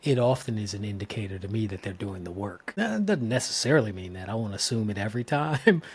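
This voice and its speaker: A man's voice: on the low side, animated, quick pace, slightly rough. A man hosting a podcast interview, affirming his guest and asking open, rambling questions in a casual way. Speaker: podcast host.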